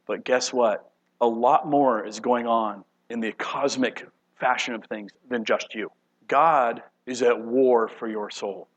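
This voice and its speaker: A man preaching a sermon dramatically, shifting between loud outbursts and hushed, low passages. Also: low-quality recording. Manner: dramatic, acts out voices of God and angels, swings from loud to hushed. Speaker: pastor.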